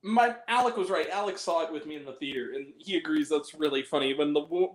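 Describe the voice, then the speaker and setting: A high-pitched man talks about movies in a loose, excitable way and laughs often. His voice rings around an echoey room. He keeps acting out lines from comedies. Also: fast talker. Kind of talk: casual chat about movies.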